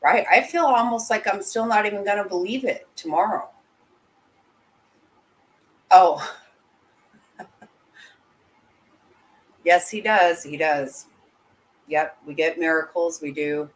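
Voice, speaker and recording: A woman's voice: on the low side, slow, long pauses, low-quality recording. A woman hosting a casual livestream, answering chat bluntly and indignantly, swearing freely. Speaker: livestream host reading chat.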